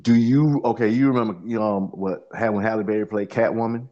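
A man's voice: fairly low pitch, steady tone, brisk, lo-fi sound. A man co-hosting a casual podcast, talking in a blunt, profane, joking way. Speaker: podcast co-host. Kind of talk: casual chat.

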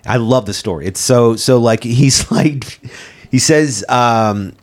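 A man's voice: mid-range voice, slow pace. Rambling, swearing man chatting about films. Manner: rambling, heavy on "like" fillers and swearing; laughs often while retelling scenes. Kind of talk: casual film chat.

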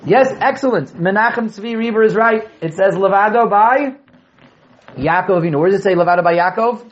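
Teacher type: man with a high voice, lively and quizzing the class, dull lo-fi sound. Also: a little fast. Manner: animated, repeats key words, asks the class questions, joking asides. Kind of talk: Torah class lecture to students.

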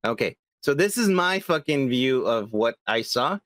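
A man co-hosting a podcast in casual chat, swearing a lot and talking excitably, saying he is high. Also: a little slow, dry recording. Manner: profane, animated, excitable. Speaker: podcast co-host.

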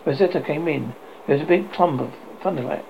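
A man narrating a classic story aloud in a steady reading voice, with occasional small slips. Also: on the high side, fairly quick, gravelly. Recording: slightly dull, faint hiss.

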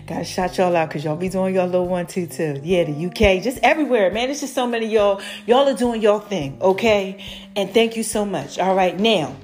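A woman hosting her own podcast, giving a casual, lively update to her followers and calling them y'all and baby. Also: mid-range voice. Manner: lively, chatty, calls listeners y'all and baby. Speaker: podcast host.

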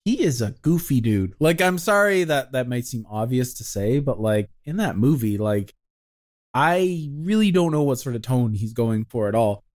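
A man's voice: mid-range voice, lively intonation, moderate pace, a little mellow. A male podcast co-host talking in long, opinionated runs and swearing freely in casual chat.

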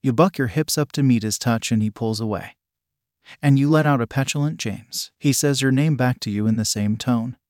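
A man narrating a second-person adult audio story in a soft, intimate way. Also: medium pitch, a little fast, no echo, clean studio sound.

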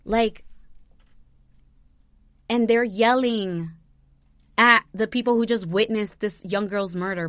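A woman's voice: mid-range voice, steady tone, slow pace, long pauses, a bit bright, no echo. A young woman from New Jersey vlogging, giving impassioned personal commentary that circles back on itself, close to tears and swearing freely. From New Jersey, USA.

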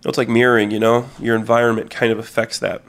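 Relaxed, agreeable man. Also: medium pitch, quick pace. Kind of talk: casual chat.

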